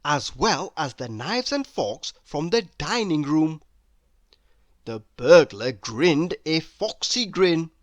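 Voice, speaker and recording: A woman reading a children's storybook aloud in an expressive manner, now and then asking the listener questions. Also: sits low, takes it slowly, no echo, studio quality. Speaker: storybook reader.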